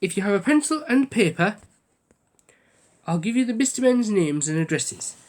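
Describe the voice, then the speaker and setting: A man's voice: very animated, moderate pace, darkish tone. A man voicing a kindly, chuckling Father Christmas on the telephone in a children's story. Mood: friendly. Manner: chuckling, rumbling and friendly.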